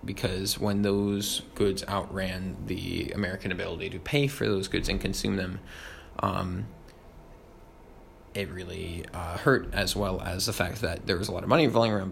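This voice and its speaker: A young man reviewing history fast, with lots of ums and uhs, over faint background noise. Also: low voice, creaky. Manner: quick, with many ums and uhs. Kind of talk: rapid study review.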